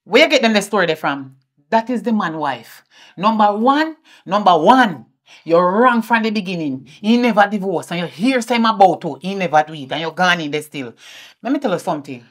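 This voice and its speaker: Woman acting as a fierce Jamaican mother, scolding, loud then muttering, mid-pitched voice. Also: expressive, fairly quick, close to an everyday voice. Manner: scolding, swings between shouting and muttering. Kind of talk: indie film acting.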